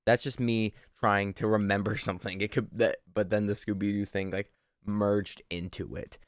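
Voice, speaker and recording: A young man co-hosting a podcast, rambling through casual chat in an animated, sweary way. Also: on the low side, normal speed, no echo, clean studio sound. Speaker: podcast co-host. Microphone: studio microphone.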